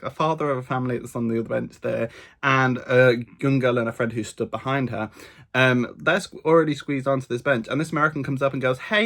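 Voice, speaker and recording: Chatty man telling a travel story. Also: medium pitch. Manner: chatty, gossipy, animated storytelling, many fillers. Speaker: travel vlogger. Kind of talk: casual storytelling vlog. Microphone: camera mic, talking to camera.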